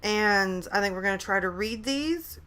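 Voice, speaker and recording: A bright-voiced woman in her thirties talks into a desk mic at her laptop during a home live stream. She is hyper and chatty, greeting viewers and reading their messages aloud. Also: medium pitch, expressive, normal speed, smooth. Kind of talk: casual live stream chat. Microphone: desk microphone at a laptop.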